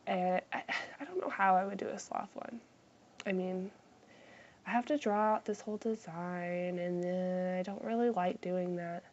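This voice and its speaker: A woman's voice: fairly low pitch, moderate pace, a little mellow, slight background noise. Woman vlogger rambling about a craft project, self-deprecating, curses a lot, kinda dull lo-fi audio. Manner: chatty and self-deprecating, swears casually; drops into whispers for asides. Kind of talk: casual vlog chat.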